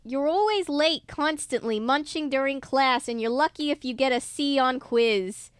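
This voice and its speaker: A woman's voice: sits high, moderate pace, dry recording, clean studio sound, voice pushed up, natural voice. A woman voicing a teenage schoolgirl with an exaggerated, fake New Jersey accent, brassy and nagging. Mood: exasperated.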